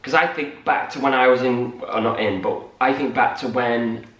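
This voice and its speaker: A man's voice: mid-range voice, normal speed, a bit bright, recorded from a distance. Lancashire man chatting in a roomy room. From North West England. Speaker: co-host, musical theatre performer. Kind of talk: casual morning chat. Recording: roomy, from off-mic.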